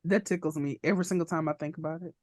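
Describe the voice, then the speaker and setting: A woman co-hosting a podcast, chatting casually about a TV episode as an animated, playful storyteller who laughs often. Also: sits low, very fast, dry recording, clean studio sound. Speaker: podcast co-host.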